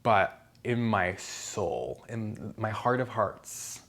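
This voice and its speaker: Man, casual vlog chat, slightly low pitch, rambling, self-correcting, at home indoors. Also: very animated, extremely slow, gravelly, a bit bright. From Philadelphia area. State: out of breath. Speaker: plant vlogger.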